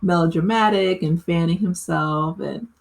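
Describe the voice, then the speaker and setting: Chatty woman with a low-pitched voice. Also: normal speed, gravelly. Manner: chatty, filler-heavy with frequent "you know" and "like"; laughs often while talking. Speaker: TV recap channel host. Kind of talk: casual TV episode recap.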